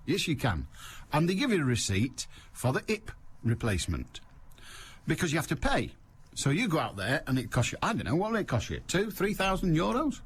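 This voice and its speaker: Wry older Mancunian radio host. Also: male voice, medium pitch, big pitch swings, moderate pace, a little hiss or hum. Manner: wry, teasing, laughs at his own jokes. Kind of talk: comic radio monologue. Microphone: studio microphone.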